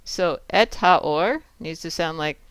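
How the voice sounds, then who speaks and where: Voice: medium pitch, slow pace, a bit bright, clean tone, dry recording. A patient teacher explaining Torah cantillation step by step and chanting each example aloud. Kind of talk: step-by-step lesson with sung examples.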